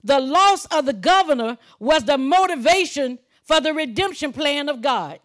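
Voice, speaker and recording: High-pitched lady preaching, emphatic, goes loud then drops to quiet asides, chatty with the congregation. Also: animated, normal speed. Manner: emphatic preaching, swings between loud declarations and low asides; chuckles while preaching, conversational. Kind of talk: sermon.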